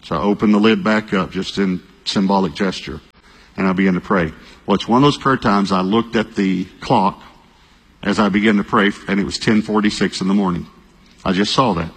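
Man preaching, low husky voice, hall echo, storytelling with loud outbursts. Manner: animated storytelling, bursts of shouting and quick repeated phrases. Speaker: pastor. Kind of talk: sermon. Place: large church hall. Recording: long reverb of a large hall.

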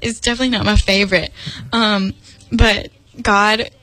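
A giggly, chatty woman hosts a casual Bible study broadcast. Her voice is dry and close, with no room echo. She talks warmly to her audience and often breaks into giggles. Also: mid-range voice, fairly even intonation, moderate pace. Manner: giggly, chatty, uses "y'all" and "like".

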